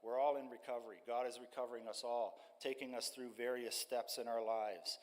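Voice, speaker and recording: An older man stands before a church congregation and shares his testimony, pausing often and filling the gaps with ums and uhs. His voice sits at an ordinary middle pitch and carries a long reverb through the sanctuary. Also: little pitch movement. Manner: halting storytelling with many fillers. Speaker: street ministry staff member. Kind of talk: personal testimony at church service.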